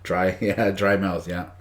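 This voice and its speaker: Deep-voiced man teaching live, echoey room. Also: steady tone, takes it slowly. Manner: chatty, greets viewers by name, reads chat aloud. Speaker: English teacher hosting a live stream. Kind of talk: casual live-stream lesson.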